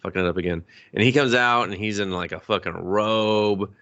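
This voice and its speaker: A young man co-hosts a relaxed movie review chat. His voice sits fairly low but cuts through bright and forceful. He talks loosely and profanely, jumping into quoted character voices as he retells scenes. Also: brisk, muffled recording. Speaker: podcast co-host.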